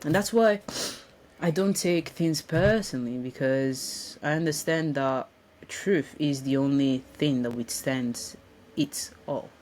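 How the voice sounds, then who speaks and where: Slow, rambling woman on spiritual growth. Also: deep voice, darkish tone, slight background noise. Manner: rambling, reflective, with restarts and frequent ums. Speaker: self-development speaker. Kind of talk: casual spiritual talk. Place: indoor room.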